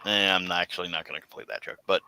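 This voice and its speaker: A man, a security officer, telling stories in an animated way in a casual chat. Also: low voice, rapid-fire, vocal fry, clean tone, dry recording, rough recording. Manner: animated storyteller.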